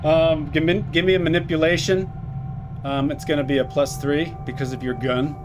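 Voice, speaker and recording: A man's voice: a little high, level tone, moderate pace, background noise. A man narrating as game master. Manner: rambling, descriptive, frequent restarts.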